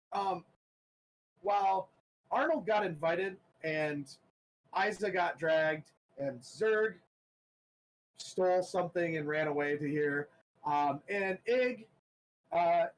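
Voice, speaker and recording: Slow, halting male game master. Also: fairly high pitch, a little hiss or hum, rough recording. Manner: halting, full of ums and restarts. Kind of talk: narrating a tabletop game.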